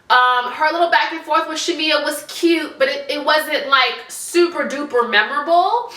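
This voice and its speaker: Woman vlogger, stuffy-nosed, animated and profane, bright voice with roomy echo. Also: high voice. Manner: animated, sassy, blunt with profanity. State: congested, stuffy nose. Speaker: commentary vlogger. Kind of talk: casual reality TV commentary.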